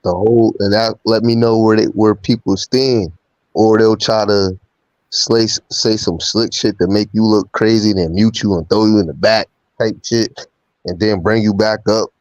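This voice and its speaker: A man's voice: lowish voice, steady tone, normal speed, darkish tone, no echo, highs cut off. A man calling into a casual online chat, easygoing and slangy.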